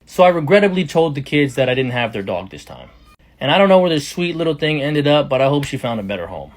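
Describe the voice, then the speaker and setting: A man's voice: on the high side, big pitch swings, fast. A man telling a personal story in casual storytime narration, conversational and plain-spoken.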